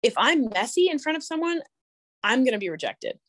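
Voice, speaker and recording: Young female co-host, reflective and halting, dry sound. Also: sits high, big pitch swings, no room sound. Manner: reflective, halting, many restarts. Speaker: podcast co-host. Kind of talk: casual faith conversation.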